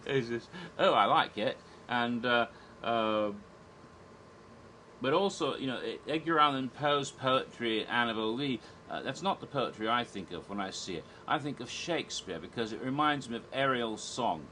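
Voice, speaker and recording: A man's voice: mid-range voice, animated, moderate pace, bright, forceful tone, slight background noise, low-quality recording. A man giving a casual spoken review, chatty and rambling, with restarts and little chuckles. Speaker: theme park reviewer.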